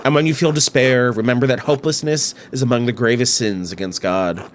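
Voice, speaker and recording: A man reading a pious priest who hears confessions, speaking gravely and admonishing the penitent. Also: medium pitch, a little fast, slight background noise, natural voice. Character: stern, pious male priest hearing confession. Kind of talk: reading game dialogue aloud.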